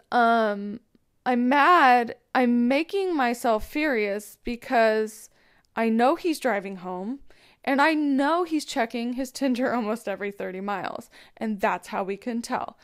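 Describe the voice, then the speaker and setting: A woman's voice: fairly high pitch, clean tone. A woman hosting her own podcast, ranting candidly about dating in a profane, heated, rambling way. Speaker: podcast host. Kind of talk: candid solo podcast rant.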